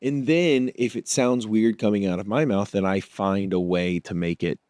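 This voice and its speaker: A man's voice: lowish voice, normal speed, darkish tone, no room sound, clean studio sound. A man talking as an actor guest in a casual interview, thinking his answers through aloud. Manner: thoughtful, works through ideas aloud.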